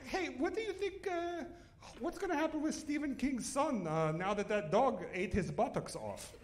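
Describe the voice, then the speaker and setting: A man doing a shrill, stubborn old mother-in-law. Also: lively intonation, moderate pace, background noise. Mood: chatty. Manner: shrill, insistent, indignant. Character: pushy, stubborn older mother-in-law, loud and indignant.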